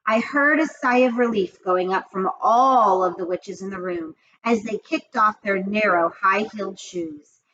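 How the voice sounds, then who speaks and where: A woman reading a children's story aloud with expressive, dramatic storytelling. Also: mid-range voice, unhurried, muffled recording, slight background noise. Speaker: reader of children's books. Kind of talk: storybook read-aloud narration.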